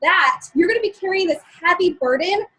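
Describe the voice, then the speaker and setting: A woman's voice: very high-pitched, expressive, brisk, sharp tone, low-quality recording. A woman giving a live-streamed motivational talk. She is chatty and upbeat, laughs often between points, and keeps checking in with her listeners. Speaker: motivational speaker.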